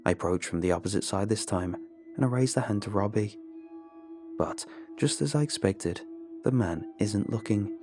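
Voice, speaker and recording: A man narrating a first-person horror story in a measured, grim manner. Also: fairly low pitch, lively intonation. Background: background music.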